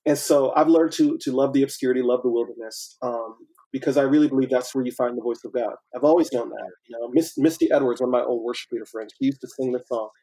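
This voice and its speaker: An earnest man speaks as a podcast guest, his voice dark and mellow with a husky edge. He talks in an animated, conversational way and laughs often. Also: medium pitch, fast, few pauses, low-quality recording. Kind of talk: casual conversation.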